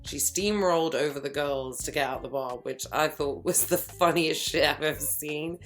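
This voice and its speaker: A woman talks through a reality show episode in a low voice. She is gossipy and animated, throwing in quick asides. Faint music plays under her. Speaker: reality TV recap vlogger. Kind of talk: casual chat.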